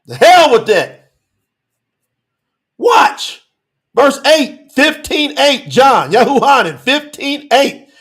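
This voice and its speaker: A man preaching a sermon, reading scripture verses and commenting on them with emphatic rhetorical questions and bursts of shouting. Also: very high-pitched, big pitch swings, takes it slowly, pauses often. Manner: breaks into shouting.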